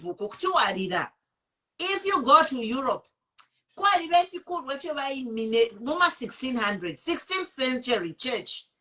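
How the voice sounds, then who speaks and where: A woman's voice: sits high, bright, forceful tone. A woman with a Zambian accent, hosting an online show and giving impassioned political commentary, indignant and switching between English and Bemba.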